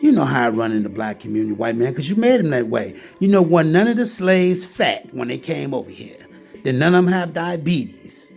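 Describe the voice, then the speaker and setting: A man's voice: a little high, big pitch swings, a little fast, gravelly, a little mellow, faint music behind. A man delivering a heated, repetitive ranting monologue, talking straight at the listener and often calling him "man". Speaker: vlogger.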